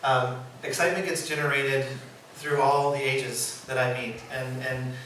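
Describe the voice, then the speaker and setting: A man who works as a puppeteer, giving an informal, animated storytelling talk and laughing often as he acts out quotes. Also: medium pitch, measured pace. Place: presentation room. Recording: echoey room, mic far, background noise.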